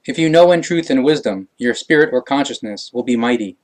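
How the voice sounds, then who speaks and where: A man reads verses of a scripture aloud, unhurried and deliberate. His voice is of ordinary pitch for a man, and he keeps a solemn, steady cadence as he reads. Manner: slow, measured, solemn reading. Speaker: reader.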